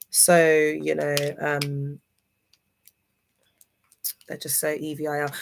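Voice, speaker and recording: Emphatic lower-voiced woman livestreaming. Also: vocal fry, slight background noise. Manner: emphatic, preachy, keeps asking if listeners understand. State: grieving. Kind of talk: casual livestream monologue.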